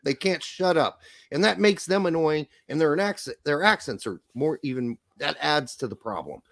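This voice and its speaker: Loud, rambling Midwestern man. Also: on the high side, animated, normal speed, creaky, dry recording. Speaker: podcast co-host. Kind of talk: casual chat.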